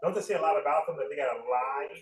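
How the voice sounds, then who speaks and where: A man's voice: fairly high pitch, racing, noisy background. A man from South Carolina hosting a livestream, talking bluntly and profanely, repeating words when he gets fired up. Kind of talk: casual heated debate.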